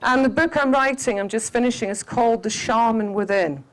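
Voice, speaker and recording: A woman's voice: a little high, a little fast, poor audio. A middle-aged woman giving a spiritual talk to a live audience, telling stories and asking the audience questions. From Scotland. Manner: storytelling, asks the audience questions. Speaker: spiritual teacher.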